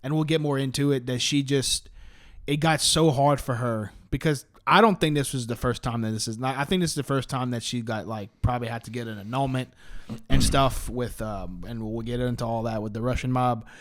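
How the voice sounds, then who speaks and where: Man, mid-pitched voice, eager, agreeable, swears a lot, casual podcast chat. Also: a little fast. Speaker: podcast co-host. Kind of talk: casual film review chat.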